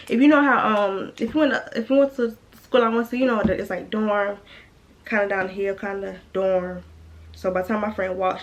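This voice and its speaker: A young woman tells a casual storytime to her viewers, chatty and slangy, often calling them y'all. Her voice sits at a middle pitch with a gravelly fry, over a faint background hiss. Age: young adult. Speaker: vlogger.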